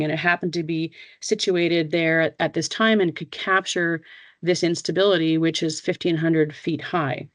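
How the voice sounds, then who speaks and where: A speaker giving a technical keynote talk over a video call, halting with many fillers and restarts. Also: medium pitch, no room sound.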